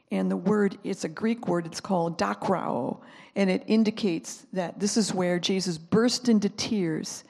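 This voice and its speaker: A woman preaching a sermon with deep emotion, sometimes dropping to a whisper and sometimes rising to an impassioned plea. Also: creaky, darkish tone, in a large hall. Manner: emotional, drops to whispers and rises to impassioned pleas.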